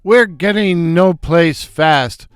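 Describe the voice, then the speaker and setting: A man voicing a gruff, bossy middle-aged male slapstick comedian who barks sarcastic insults. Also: fairly high pitch, slow, no room sound, studio quality, faint music behind.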